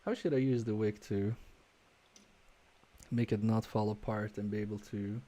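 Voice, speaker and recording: A man's voice: on the low side, fairly even intonation, normal speed. A man streaming live while repairing electronics, thinking aloud in a hesitant, self-questioning way, with many fillers and trailing-off sentences as he works. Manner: quietly focused, mutters while working.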